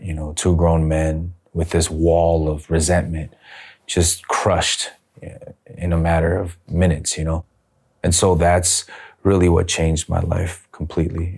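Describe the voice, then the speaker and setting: Deep-voiced soft-spoken man telling his story. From Los Angeles. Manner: soft-spoken, reflective, retells scenes with quoted dialogue. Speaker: prison minister. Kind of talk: personal storytelling in an interview.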